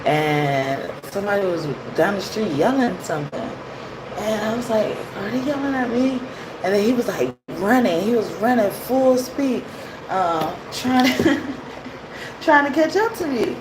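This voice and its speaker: Expressive and measured in pace, this woman's mid-range voice carries her tarot reading show, where she chats casually, tells stories, and laughs frequently. Background noise and a roomy echo are audible in the recording.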